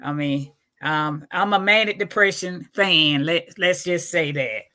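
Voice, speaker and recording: A woman's voice: fairly low pitch, unhurried, sharp tone. A woman co-hosting a casual sports chat on a video call from her kitchen, speaking in short, laughing replies. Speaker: co-host. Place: home kitchen.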